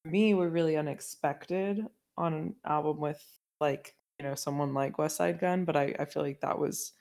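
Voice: medium pitch, fairly even intonation, normal speed, creaky, darkish tone. A podcast co-host talking casually and thoughtfully, hedging with "I feel like". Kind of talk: casual chat.

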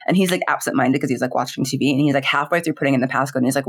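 A woman's voice: extremely low pitch, very fast, few pauses, husky. Giggly, chatty young woman streamer. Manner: chatty, giggly, lots of fillers and quoted dialogue. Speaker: streamer and content creator. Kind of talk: casual interview chat.

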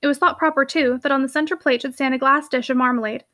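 A woman reading a classic novel aloud in a brisk, lively narration. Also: high-pitched. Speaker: audiobook reader.

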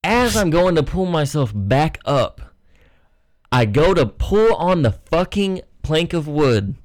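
A young man on a podcast, telling a crude comic story and swinging his voice up and down when he acts out what people said. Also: slow pace. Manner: animated, swings his pitch when acting out quotes. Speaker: podcast co-host.

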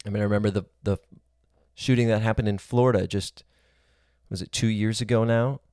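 Earnest low-voiced man preaching. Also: fairly even intonation, a little fast, darkish tone, no echo, clean studio sound. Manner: earnest, reasoning aloud, builds points in long spoken lists. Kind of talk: sermon-style teaching.

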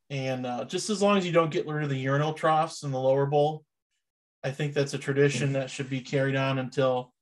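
A man hosting a podcast in casual chat, easygoing and rambling with hesitant fillers. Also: fairly high pitch. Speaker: podcast host.

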